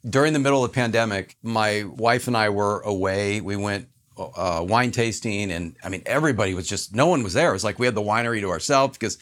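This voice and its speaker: Earnest man telling a story, lowish voice. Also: a little fast. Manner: animated storyteller, acts out others' lines; earnest, reflective. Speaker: podcast guest. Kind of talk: personal storytelling in a conversation.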